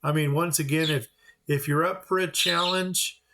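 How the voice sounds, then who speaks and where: A man's voice: fairly high pitch, fairly even intonation, normal speed, background noise. Chatty man narrating his gameplay. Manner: chatty, explains as he plays, mock-voices the characters. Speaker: gameplay commentator. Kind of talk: casual let's-play commentary.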